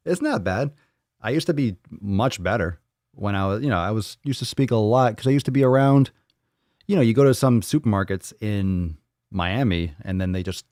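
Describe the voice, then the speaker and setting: A man's voice: fairly low pitch, a little mellow, no echo, studio quality. A man hosting a fitness livestream in casual chat, playful and loose, swearing and repeating phrases in a sing-song way. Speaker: fitness show host.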